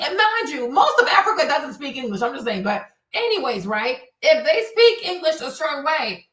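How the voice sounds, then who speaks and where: A woman's voice: sits high, pushed and bright, far from the mic. A woman hosting a livestream, ranting bluntly with profanity and mocking quoted asides. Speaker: streamer host. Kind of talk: opinionated livestream rant. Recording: echoey room, voice a bit off-mic.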